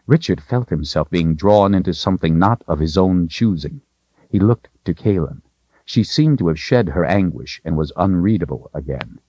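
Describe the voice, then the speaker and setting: A man reading a fantasy novel aloud with dramatic, expressive storytelling. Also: low voice, moderate pace, breathy edge, no echo, dull audio. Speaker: audiobook narrator. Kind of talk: scripted fantasy narration.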